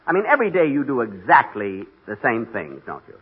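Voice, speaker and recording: In this lo-fi old radio broadcast, a man starring in a 1940s radio comedy sounds exasperated and bickers as if arguing with himself. His medium-pitched voice swings widely in pitch, moves a little fast, and has a slightly rough edge.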